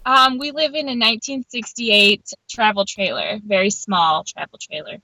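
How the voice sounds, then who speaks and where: A woman's voice: medium pitch, moderate pace, sharp tone, no echo, rough recording. A woman from Wisconsin with an Upper Midwest American accent, guesting in a casual interview and talking openly.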